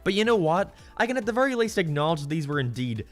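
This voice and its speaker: A man's voice: a little high, big pitch swings, quick pace, faint music behind. A man delivering a sarcastic, profane rant as a cartoon reviewer. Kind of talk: ranting review commentary.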